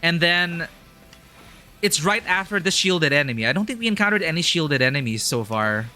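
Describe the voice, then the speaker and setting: A man talks through a video game on a live stream, rambling from one thought to the next and breaking into laughter often. His voice is bright, and game music plays softly behind him. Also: a little high, expressive, moderate pace. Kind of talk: casual live gameplay commentary.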